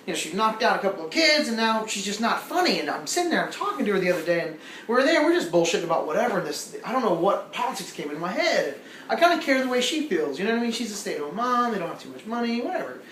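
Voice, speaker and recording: A man's voice: sits high, quick pace, slight background noise. Profane, rambling stand-up comic man. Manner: profane, rambling, animated storytelling. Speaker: stand-up comedian. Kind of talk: stand-up comedy set. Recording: echoey room with faint ambience.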